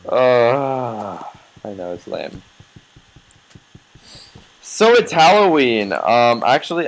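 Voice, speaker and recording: An eighteen-year-old guy chats loosely while playing, wandering off topic and filling gaps with fillers. He curses freely and lets out sudden yelps when the game surprises him, in a voice of ordinary middle pitch for a man. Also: animated, normal speed, poor audio. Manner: rambling, swears and yelps when startled. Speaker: gameplay commentator. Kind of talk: casual gameplay commentary.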